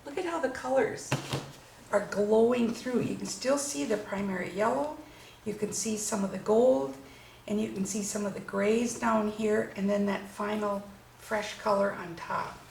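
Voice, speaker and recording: A watercolor instructor gives a painting demonstration, chatting enthusiastically as she works. Her medium-pitched, darkish voice has vocal fry and a measured pace, recorded in an echoey room with faint noise.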